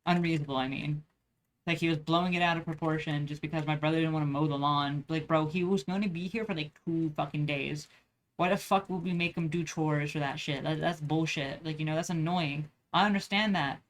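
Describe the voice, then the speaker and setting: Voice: medium pitch, steady tone, fairly quick. Rambling, swearing young adult storyteller. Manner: rambling, profane, many restarts. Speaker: vlogger. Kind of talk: casual rambling chat while drawing.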